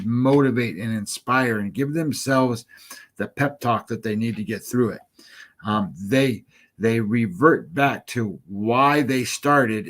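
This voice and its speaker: A man's voice: mid-range voice, fairly bright tone. A man co-hosting a sports betting show, giving an earnest motivational segment in a coaching tone, with frequent fillers and repeated phrases.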